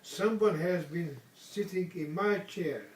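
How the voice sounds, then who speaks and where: Fussy storybook mama bear, an older man reading, slow, mic a bit far off. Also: high voice. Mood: upset. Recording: echoey room from a distance.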